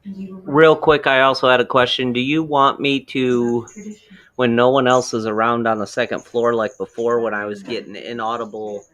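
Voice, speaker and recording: A man's voice: mid-range voice, steady tone, normal speed, fairly bright tone. Hesitant man asking for direction. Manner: hesitant, asks before acting. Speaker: member of an investigation team. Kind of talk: casual chat.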